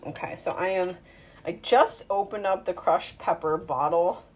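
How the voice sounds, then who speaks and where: A woman's voice: lowish voice, measured pace. A woman talking to her phone while she cooks in her home kitchen, rambling and self-mocking as she thinks aloud. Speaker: home cooking vlogger. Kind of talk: casual talk while cooking.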